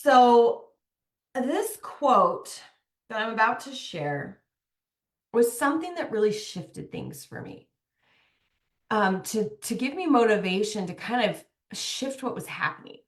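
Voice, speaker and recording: An echoey room carries the slow, sing-song voice of a young woman pitched on the high side. She coaches moms and hosts a podcast, and here she motivates other mothers in a frank, chatty, emphatic way, frequently using "like."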